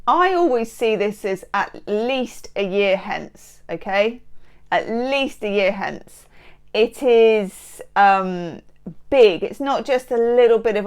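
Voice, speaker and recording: A woman's voice: medium pitch, lively intonation, slow, a little mellow, clear, resonant tone. A woman giving a tarot card reading to camera, bubbly, playful and full of exclamations, speaking into a close microphone. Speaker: tarot reader.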